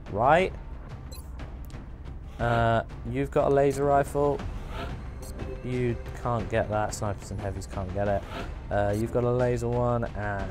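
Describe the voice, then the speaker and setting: An English man hosting a gameplay livestream, chatty and excitable, joking with his chat. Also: medium pitch. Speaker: livestream host.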